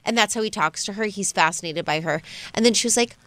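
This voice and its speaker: A woman's voice: medium pitch, fast, a bit bright, no room sound. A woman hosting a radio show, chatting casually and gushing with enthusiasm. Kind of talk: casual chat.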